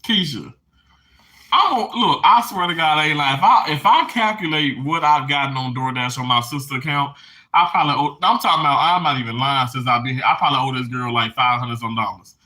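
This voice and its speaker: Emotional, bright-voiced male live streamer. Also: medium pitch, a little fast. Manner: emotional, laughing and tearing up while reading chat. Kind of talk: casual live-stream chat.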